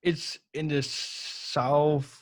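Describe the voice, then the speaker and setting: A man with a German accent and German as his first language, chatting as a podcast guest, often pausing to search for English words and laughing. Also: on the high side, level tone. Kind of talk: casual chat.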